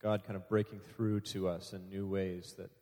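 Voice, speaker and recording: A man's voice: deep voice, flat delivery, normal speed, warm tone. A man leading a church sharing time, talking conversationally and joking about himself with frequent laughter. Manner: conversational, self-deprecating, laughs often. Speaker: service leader. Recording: echoey hall.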